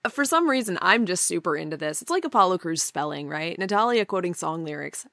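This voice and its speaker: A woman with a fairly low voice, talking eagerly and with strong opinions as a podcast co-host. She giggles now and then. The sound is dry and close. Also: animated, fairly quick, pushed and bright, no room sound. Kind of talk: casual chat.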